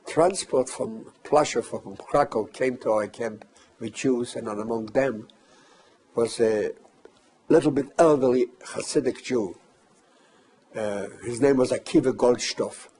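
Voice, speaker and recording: Slow, husky older man telling a memory. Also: medium pitch, darkish tone. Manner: measured, halting with pauses and fillers. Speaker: survivor giving testimony. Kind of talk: recounting a personal memory.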